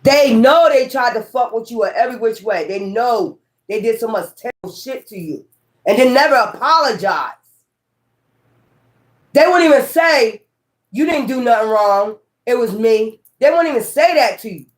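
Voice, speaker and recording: A woman's voice: on the high side, lively intonation, moderate pace. A woman tarot reader chatting casually and bluntly to her viewers, swearing freely and repeating herself for emphasis. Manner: repetitive, talks straight to viewers. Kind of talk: casual tarot reading chat.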